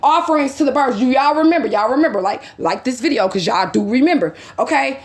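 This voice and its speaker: A woman's voice: high voice, animated, fast, few pauses. Agitated, profane woman vlogger. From St. Louis, USA. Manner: blunt, profane and emphatic, with frequent "okay?" asides. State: upset and agitated. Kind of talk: emotional vlog recounting old messages.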